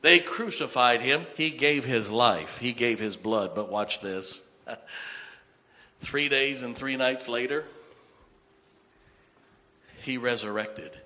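A man preaching a sermon with fervor, repeating lines for emphasis and swinging from quiet to loud. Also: medium pitch, slow pace, long pauses. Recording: long hall reverb.

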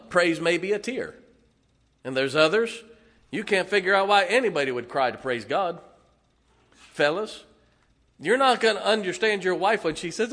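A man preaching a sermon as pastor, animated, throwing rhetorical questions and "amen?" at his congregation with homely humor. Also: high voice.

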